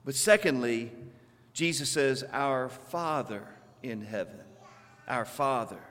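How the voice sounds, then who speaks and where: A man preaching a sermon with a Southern US accent, speaking slowly and deliberately with emphatic pauses. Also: mid-range voice, expressive, fairly bright tone, long reverb tail. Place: church sanctuary.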